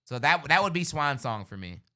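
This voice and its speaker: A man hosting a casual sports talk livestream, animated and chatty. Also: on the high side, normal speed. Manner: animated, says "bro" and "you know what I'm saying". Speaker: sports show host.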